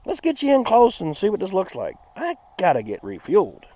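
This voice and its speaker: A chatty man hosting a car vlog outdoors. His pitch sits a little high and jumps around a lot as he rambles in a folksy way. His voice keeps flipping between excited and flat. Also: fairly quick, no room sound. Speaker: channel host. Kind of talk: casual car-restoration vlog.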